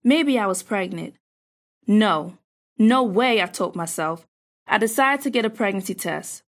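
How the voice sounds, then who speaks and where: A young woman earnestly reading a personal story aloud, in a measured storytelling manner. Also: mid-range voice, expressive.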